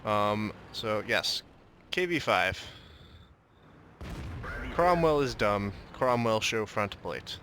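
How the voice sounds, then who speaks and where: A man's voice: lowish voice, animated, takes it slowly, fairly bright tone, slight background noise. Young man joking over tank gameplay. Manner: joking, drifts into a mock Russian tank-talk. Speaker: gameplay commentator. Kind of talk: casual gameplay commentary.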